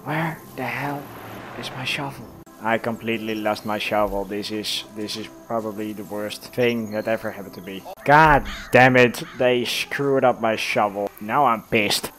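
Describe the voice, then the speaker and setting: A man giving casual, excitable gameplay commentary, swearing and laughing often. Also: lowish voice, a little slow, slight background noise. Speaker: let's play gamer.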